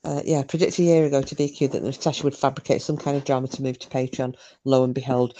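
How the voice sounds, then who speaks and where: A woman's voice: a bass voice, little pitch movement, fast, warm tone. A woman hosting a live stream, chatting casually, gossipy and sweary, reading out comments.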